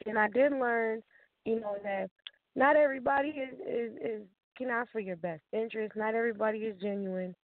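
Animated woman over a phone line. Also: a little high, a little fast. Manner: animated storyteller, laughs often, acts out quotes. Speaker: guest author. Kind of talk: casual phone interview. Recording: dry tinny phone line.

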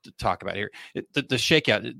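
Chatty low-voiced man hosting a talk show. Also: lively intonation, fast talker, vocal fry, sharp tone, dry recording, clean studio sound. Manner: chatty, frequent fillers and restarts. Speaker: podcast host. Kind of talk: casual chat, reading listener comments.

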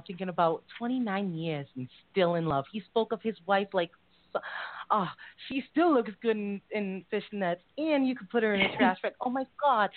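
A woman's voice: medium pitch, expressive, normal speed, no room sound. A woman co-hosting a casual live call-in show, gushing and rambling with many fillers. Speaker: co-host. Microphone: call-in line. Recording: tinny phone-line sound.

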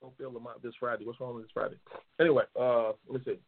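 Brief: male talk host, gravelly and husky, brash and profane, tinny phone-quality audio. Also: medium pitch, fast. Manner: loud, profane and excitable, yelling at times. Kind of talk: casual livestream chat, reading race matchups.

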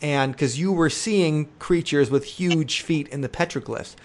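A man from Milwaukee hosts a relaxed podcast conversation. His voice sits a little high, and he rambles and jokes, filling gaps with "um" and "like". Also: unhurried. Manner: joking, rambling with fillers. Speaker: podcast host. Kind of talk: casual chat.

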